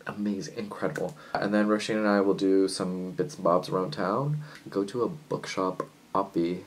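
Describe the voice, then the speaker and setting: A young man chatting casually in a book vlog, excitable and a little jittery from coffee, swinging between loud enthusiasm and quiet musing. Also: deep voice, moderate pace, rough recording. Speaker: book vlogger.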